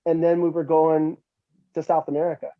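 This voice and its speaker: A man's voice: on the high side, a little fast, phone-quality sound. A middle-aged man telling stories casually as an interview guest, animatedly acting out what others said. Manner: animated, acts out quotes with raised voice. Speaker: interview guest, metal musician. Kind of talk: casual storytelling.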